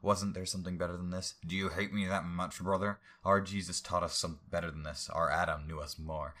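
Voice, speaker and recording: A man's voice: sits low, flat delivery, fairly quick, pushed and bright. A man voicing an unhinged, grandiose male villain who rants and philosophizes manically while reading a story aloud. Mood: raving.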